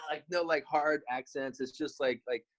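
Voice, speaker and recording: A man in his thirties in casual podcast chat, relaxed and rambling with many fillers. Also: on the high side, moderate pace, rough recording. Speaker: podcast co-host.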